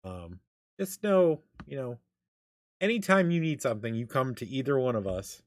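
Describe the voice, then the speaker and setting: A man's voice: mid-range voice, animated, normal speed, no room sound, clean studio sound. A man co-hosting a casual live chat stream, speaking earnestly and from the heart.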